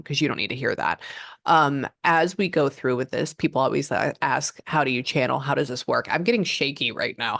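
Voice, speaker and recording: A woman's voice: rumbling low, creaky, a bit bright, no room sound, clean studio sound. A woman from Texas with a Texan accent, a psychic medium chatting to a client about how channeling works, rambling with many fillers and sometimes dropping to a whisper. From Houston, Texas.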